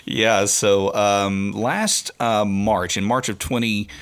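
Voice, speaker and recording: A man in his forties with a very low voice. He chats on a podcast as co-host and worship leader. He tells his story in an earnest, rambling way. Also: steady tone, slow pace, fairly bright tone. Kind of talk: casual chat.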